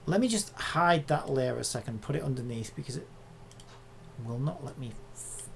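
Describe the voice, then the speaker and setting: Gravelly exasperated creator muttering at a computer. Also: medium pitch, normal speed, long pauses, slight background noise. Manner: muttering and swearing at software, exasperated. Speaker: content creator. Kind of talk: casual commentary while working on screen.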